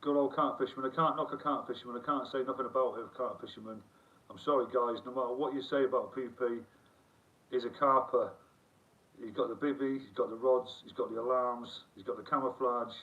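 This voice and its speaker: A man's voice: mid-range voice, fairly even intonation, fairly quick. A middle-aged man hosts a loose, rambling live stream, reading out comments and swearing freely. His voice comes through thin and phone-like. He sounds set back from the microphone. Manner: rambling, chatty, swears freely, reads chat aloud. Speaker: livestream host. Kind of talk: casual live-stream chat. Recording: tinny phone-like sound, distant from the mic.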